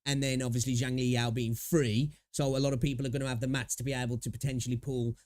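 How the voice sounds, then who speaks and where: A man's voice: medium pitch, flat delivery, fast talker, darkish tone, dry recording, studio quality. A man hosting a live stream, chatting casually and rambling with many restarts and repeated words. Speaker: livestream host reacting to videos.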